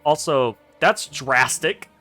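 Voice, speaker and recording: A man's voice: mid-range voice, animated, slow pace, pushed and bright, faint music behind. A man hosting a let's play, chatting casually and reading game dialogue aloud. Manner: casual, swears, laughs at the script.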